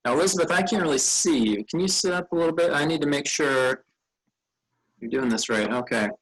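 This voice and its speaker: A man's voice: a little high, expressive, brisk, a bit bright, poor audio. A tired man leading a vacation Bible school session, chatting casually with children and rambling a bit as he loses his train of thought. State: tired, yawning.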